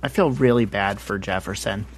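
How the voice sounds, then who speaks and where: A man co-hosting a casual comic-book podcast, relaxed and chatty, laughing often and swearing in passing. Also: fairly low pitch, normal speed, a little hiss or hum. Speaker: podcast co-host.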